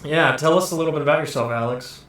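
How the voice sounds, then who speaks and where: A man hosting a podcast from home over a video call, joking deadpan and swearing a lot in casual chat. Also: a little high, quick pace. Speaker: podcast host.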